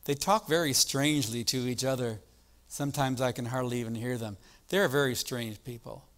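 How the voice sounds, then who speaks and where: A man's voice: mid-range voice, moderate pace, fairly bright tone, pitched below the performer's own voice, lightly acted. A man voicing a puzzled scientist. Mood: bemused. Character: puzzled male scientist observing a family.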